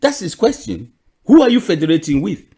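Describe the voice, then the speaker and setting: A man's voice: fairly high pitch, huge pitch swings, fairly quick, warm tone. A man with a Cameroonian accent giving an impassioned political monologue, repeating questions and restarting with emphasis. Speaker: political commentator.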